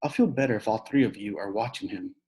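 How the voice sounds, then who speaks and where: A man reading aloud and voicing an anxious, caring mother who speaks in a gentle, hurried way. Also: fairly low pitch, husky. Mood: pleading.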